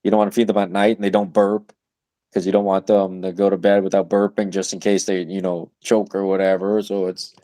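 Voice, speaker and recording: A man's voice: deep voice, level tone, a little fast, mellow, no room sound. A young man in his twenties, a new father of twins, chatting loosely on a podcast with lots of fillers and the odd curse. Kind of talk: casual chat.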